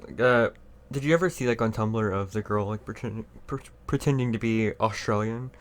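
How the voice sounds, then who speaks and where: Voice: mid-range voice, brisk, a little hiss or hum. A young adult podcast co-host telling a story in casual chat, giggly and crude with many "like" fillers.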